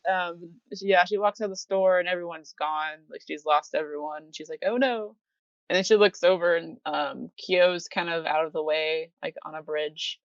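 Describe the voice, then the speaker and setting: A woman's voice: sits low, fairly even intonation, moderate pace, hardly any pauses, no echo, highs cut off. Giggly woman recapping scenes. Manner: giggly, retells scenes acting out lines. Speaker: podcast co-host. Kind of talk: casual anime recap chat.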